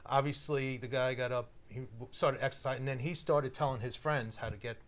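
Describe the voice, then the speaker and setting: A man's voice: medium pitch, steady tone, fairly quick. A man co-hosting a talk show, jumping in with eager questions. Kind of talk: casual talk show chat.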